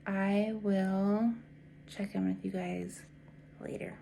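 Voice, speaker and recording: A young woman teacher vents to her camera about a hard week, sounding tired and frank, with fillers and trailing words. Her voice has a gravelly edge at mid pitch. A faint hum sits under the recording. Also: little pitch movement, slow. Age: 20s. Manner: frank, weary and venting, with frequent fillers and soft trailing words. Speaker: teacher vlogger. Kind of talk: personal vlog to camera.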